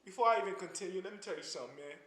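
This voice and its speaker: A man's voice: high-pitched, rapid-fire, fairly bright tone, reverberant. A man giving heated, preachy commentary to camera, often stumbling and restarting his sentences. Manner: impassioned, stammering restarts, preachy. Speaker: commentary channel host. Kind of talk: casual spoken commentary to camera.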